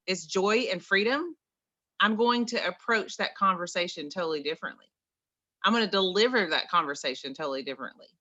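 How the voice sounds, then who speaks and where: A woman with an East Texas drawl talks on a video call with a bright, forceful tone. She is folksy and keyed up and repeats her points for emphasis, like a motivational pep talk. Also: medium pitch. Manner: folksy, enthusiastic, repetitive. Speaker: participant sharing on a group call.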